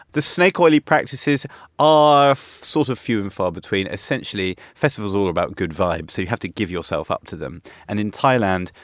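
A man's voice: fairly low pitch, dry recording, clean studio sound. A British man, a travel writer, telling an interviewer about a trip in a rambling, enthusiastic way full of restarts. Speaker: travel journalist guest. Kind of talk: radio interview.

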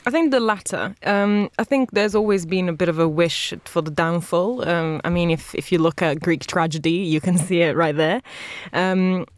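A woman's voice: fairly low pitch, steady tone, normal speed, no room sound. Thoughtful woman panelist, dry studio. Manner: thoughtful, hesitant with fillers. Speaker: panel guest. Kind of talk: radio panel discussion. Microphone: studio microphone.

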